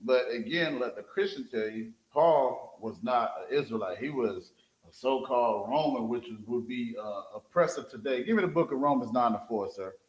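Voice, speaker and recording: In an echoey room with poor audio, a male street preacher with a mid-range voice teaches scripture at normal speed. Animated, he calls for verses from a reader and asks "you understand?" again and again.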